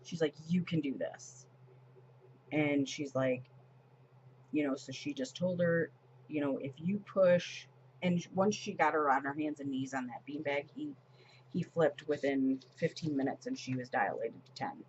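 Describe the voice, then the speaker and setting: A woman's voice: low voice, normal speed, a little mellow, highs cut off, a little hiss or hum. A woman in her forties chatting casually as she decorates her planner, retelling a story with lots of fillers and restarts. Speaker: planner vlogger.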